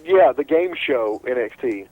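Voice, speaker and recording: A man's voice: medium pitch, a little slow, a crowd in the background, poor audio. A man hosting a casual sports radio talk show, rambling and full of restarts. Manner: animated and rambling, with many restarts.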